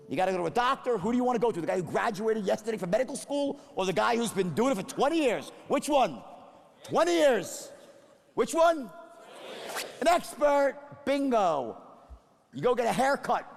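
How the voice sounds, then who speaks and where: A high-pitched man with a very lively, swooping delivery, preaching sales skills at a live seminar. He hammers points home with repetition and call-and-response. His voice rings out in a large reverberant hall over faint music. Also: vocal fry. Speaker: sales trainer. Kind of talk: motivational seminar speech.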